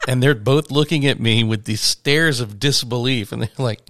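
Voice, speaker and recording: A man's voice: mid-range voice, moderate pace, hardly any pauses, a bit bright, no echo, studio quality. A man telling a long, rambling touring anecdote in casual conversation, acting out the quoted voices. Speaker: touring musician guest. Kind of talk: storytelling in casual chat.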